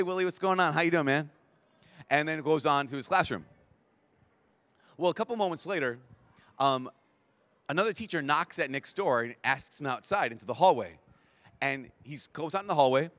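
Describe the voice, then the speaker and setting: Man, priest, event talk, lively storytelling, acts out quotes, restarts sentences, fairly high voice, dry sound. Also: dry recording. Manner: stumbling restarts when excited. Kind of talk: conference talk to a live audience. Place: large event venue.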